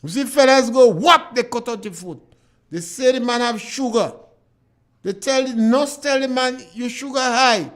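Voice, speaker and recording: A man's voice: extremely high pitch, moderate pace. A Grenadian man hosting a call-in radio talk show, preaching emphatically in dialect and telling stories with lots of repetition. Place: radio studio.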